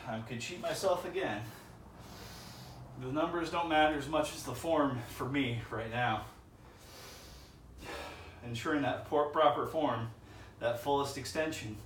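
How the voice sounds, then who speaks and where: A man's voice: medium pitch, fairly bright tone. Guy vlogging his workout at the gym, rambly, kinda far from the mic, echoey room, bit of background hum. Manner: rambling, musing aloud between sets. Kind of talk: casual workout vlog.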